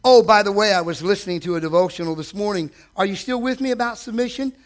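A man preaching a sermon from a church stage, animated, asking the congregation direct questions and acting out quotes. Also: high-pitched, fast talker. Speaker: pastor.

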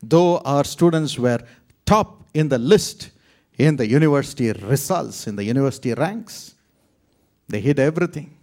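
A man from India preaching a sermon testimony, telling his story dramatically, with sudden loud outbursts and hushed, whispered passages. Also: mid-range voice, lively intonation, normal speed.

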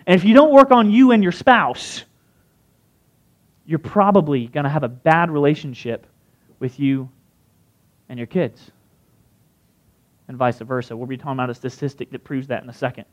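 A man with a fairly high voice delivers a sermon in a relaxed, conversational way. He often turns to his listeners with quick questions. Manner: conversational, asks the crowd questions. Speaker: pastor.

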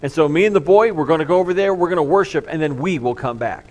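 A man's voice: a little high, quick pace, a little mellow, natural voice. A male pastor voicing a faithful aged patriarch, making firm and repeated declarations in his own voice. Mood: resolute.

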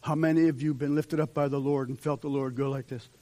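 A man's voice: medium pitch, steady tone, fast, warm tone. A male pastor preaching an impassioned sermon in a church, voicing dramatic quotes as he leads into an altar call. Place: church sanctuary.

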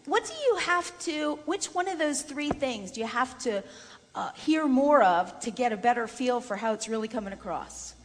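High-voiced woman coaching singers. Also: normal speed, slight background noise. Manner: lively, chatty, laughs between points. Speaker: vocal coach. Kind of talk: voice workshop lesson. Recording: long reverb in a large room.

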